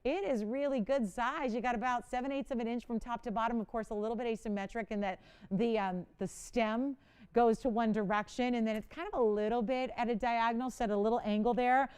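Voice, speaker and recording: Bubbly woman on a shopping channel, smooth voice. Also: a little high, fairly even intonation, fairly quick, darkish tone. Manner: chatty and bubbly, laughing often. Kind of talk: live home-shopping presentation. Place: television studio.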